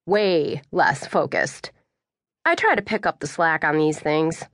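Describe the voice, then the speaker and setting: A woman reading a first-person audiobook in a measured storytelling way. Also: fairly low pitch, lively intonation, a bit bright, no room sound, clean studio sound. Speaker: audiobook narrator.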